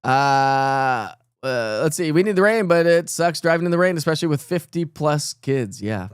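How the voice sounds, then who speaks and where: A man's voice: fairly high pitch, animated, normal speed, smooth, no echo, studio quality. Chatty weatherman. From East Tennessee. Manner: chatty, greets viewers by name. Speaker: weather forecaster hosting a live morning stream. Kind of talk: casual live-stream weather chat.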